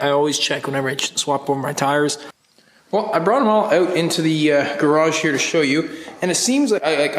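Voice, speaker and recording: A man vlogging casually in a garage, hoarse and scratchy while recovering from a cold, rambling with fillers and restarts. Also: fairly high pitch. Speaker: car vlogger host. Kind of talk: casual how-to vlog. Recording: echoey garage with long reverb.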